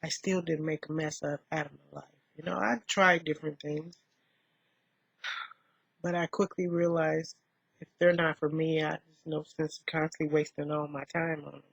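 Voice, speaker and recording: Gravelly, husky woman musing softly. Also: low voice, flat delivery, normal speed, no room sound. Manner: soft-spoken, rambling, musing. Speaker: vlogger. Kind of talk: casual reflective talk while doing makeup. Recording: dull lo-fi recording.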